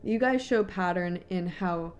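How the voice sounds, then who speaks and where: A woman's voice: fairly low pitch, unhurried, slight background noise. Earnest young woman podcast co-host. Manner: earnest, encouraging, preachy at times. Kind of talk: casual faith podcast chat.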